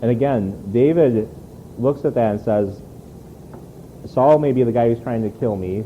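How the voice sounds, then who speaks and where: A man's voice: medium pitch, a little slow, muffled recording, slight background noise. A man preaching a sermon in an earnest, conversational way, often repeating words as he restarts. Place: church.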